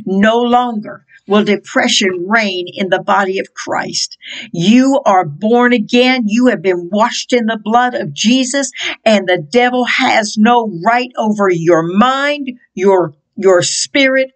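A middle-aged woman preaching a fervent prophetic sermon, quoting scripture in a slow, impassioned cadence. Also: on the high side, rough recording.

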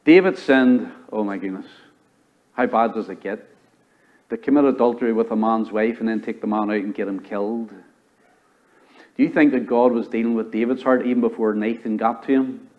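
A man with a Southern US accent preaching a sermon as pastor, rising to loud high exhortation and dropping to low, quiet emphasis. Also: fairly even intonation, normal speed, narrow, tinny audio. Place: church sanctuary.

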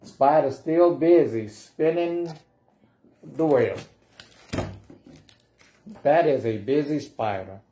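A man's voice: on the high side, expressive, measured pace, hardly any pauses, dark tone, slight background noise. A man reading a picture book aloud at a library storytime, playfully coaxing the children to say the refrain along with him.

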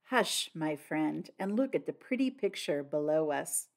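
A courtly older male detective from an audiobook, performed by a woman reader, teasing and confiding. His lines come with a lively, rising and falling lilt, as if sharing a gentle secret. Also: medium pitch, moderate pace. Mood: knowing, teasing.

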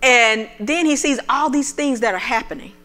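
A woman minister preaching a sermon, acting out the prophet's words with animated feeling. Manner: animated, acts out the prophet's pleas in a raised voice; reads scripture aloud in a lower, measured voice. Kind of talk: sermon with scripture reading.

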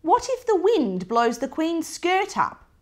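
A woman's voice: a little high, unhurried. A woman doing an eager cheeky boy. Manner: excited, demanding.

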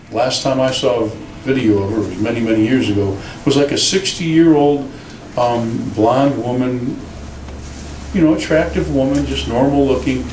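A pastor preaches in a lively storytelling manner, acting out quotes as he goes. His voice sits at an ordinary pitch for a man and rings through a large church. It is picked up from a distance, with faint room noise behind him. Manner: animated storytelling with acted quotes. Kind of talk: sermon. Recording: roomy church sound from a distant mic.

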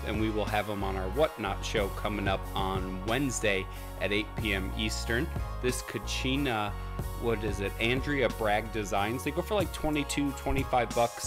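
A man's voice: fairly low pitch, moderate pace, over music. A man co-hosting a casual thrift haul vlog, upbeat and bragging about his finds, in a hotel room. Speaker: vlog co-host, thrift reseller.

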